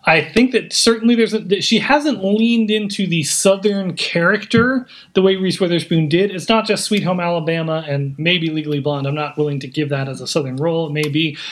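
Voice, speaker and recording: A man co-hosting a podcast, taking up the counterargument in a measured, polite way during a casual debate. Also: on the high side, fairly bright tone. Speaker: podcast co-host.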